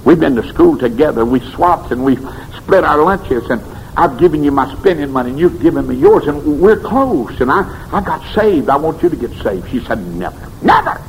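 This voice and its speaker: A man preaches a revival sermon, telling stories in a voice that leaps from shouts down to near murmurs. His pitch swoops widely as he goes. A faint low rumble sits behind the recording. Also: expressive, normal speed, rough recording. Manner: dramatic, swinging from shouts to low tones.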